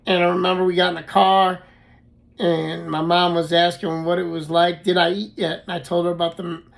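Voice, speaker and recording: A man casually telling his own life story, halting often with fillers and restarts. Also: high voice, flat delivery, creaky.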